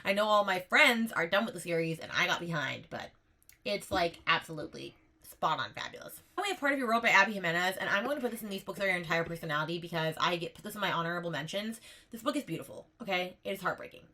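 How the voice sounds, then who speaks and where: A woman's voice: fairly low pitch, lively intonation, fast, pushed and bright. A woman book vlogger chatting casually as she ranks books, gushing and emphatic, often tagging her lines with "okay?". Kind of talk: casual tier-ranking chat.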